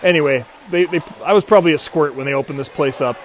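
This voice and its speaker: Midwestern male co-host, chatty and meandering, a touch high-pitched, faint background noise. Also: fast talker. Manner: rambling, chatty, self-mocking. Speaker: youth hockey stream commentator. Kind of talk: casual livestream commentary.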